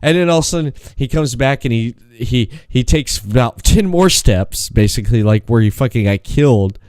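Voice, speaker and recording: Man, podcast co-host; animated profane rants, dry close-miked sound. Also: mid-range voice, normal speed, clear, resonant tone, dry recording. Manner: profane animated ranting, acts out quotes in a raised voice. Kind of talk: casual podcast chat.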